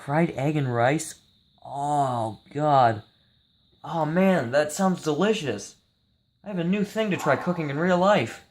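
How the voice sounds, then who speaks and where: A man's voice: on the high side, slow pace, faint music behind. A young man giving casual, rambling and profane gameplay commentary, sleepy and joking as he plays. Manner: tired, rambling, jokey and profane. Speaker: gameplay streamer.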